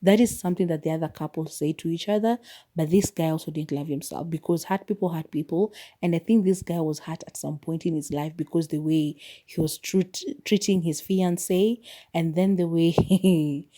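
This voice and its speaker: A woman's voice: low voice, moderate pace. A woman from South Africa hosting a podcast, chattily recapping a film and retelling its scenes in quoted dialogue. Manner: animated storytelling, retelling scenes with quoted lines. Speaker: podcast host reviewing a film.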